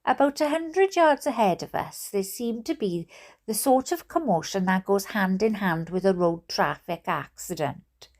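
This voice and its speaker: A Welsh woman reading a book aloud in an expressive, playful way. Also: mid-range voice, a little slow. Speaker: storyteller.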